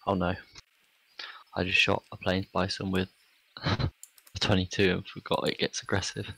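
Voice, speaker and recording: A man's voice: low-pitched, monotone, normal speed, creaky, sharp tone, husky, rough recording. A man playing a hunting game with a friend, making dry remarks and the odd swear. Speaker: co-player. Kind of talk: casual gaming chat.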